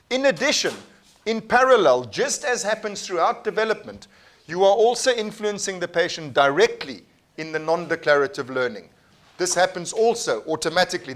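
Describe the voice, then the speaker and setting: A man's voice: high-pitched, a bit bright. A man with a South African accent giving an earnest, explanatory workshop lecture, often restarting his sentences. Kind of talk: live workshop lecture with discussion.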